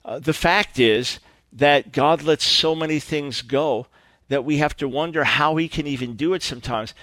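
A man's voice: a little high, normal speed, a bit bright, no room sound. A middle-aged man preaching earnestly, stressing points with repeated emphatic phrases. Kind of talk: sermon-style radio teaching.

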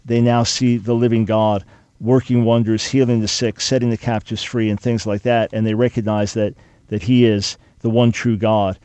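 A man's voice: lowish voice, little pitch movement, moderate pace, mellow, no room sound. Emphatic male talk radio host. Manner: emphatic, earnest, preacher-like cadence. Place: radio studio. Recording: dry studio mic.

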